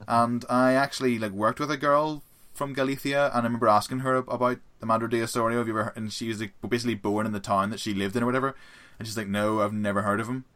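A young man co-hosting a casual film podcast, rambling and animated as he talks, with bursts of laughter. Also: medium pitch, rapid-fire, few pauses. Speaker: podcast co-host. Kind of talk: casual chat about horror films.

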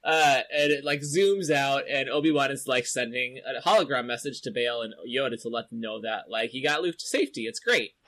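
A man's voice: medium pitch, a little fast, few pauses, a bit bright. A man hosting a casual podcast discussion, recapping an episode in a chatty, rambling way full of fillers. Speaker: podcast host.

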